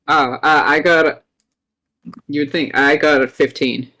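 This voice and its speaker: A woman's voice: low voice, fairly even intonation, measured pace, a bit bright, poor audio. A woman playing a tabletop game, chatting playfully and laughing often as she narrates her character's actions. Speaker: player.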